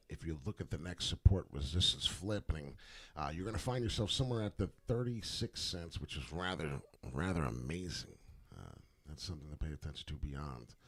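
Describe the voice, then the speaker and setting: A man's voice: very deep voice, vocal fry, husky. A man giving casual, rambling commentary on crypto price charts, full of fillers and words repeated for emphasis. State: hiccuping.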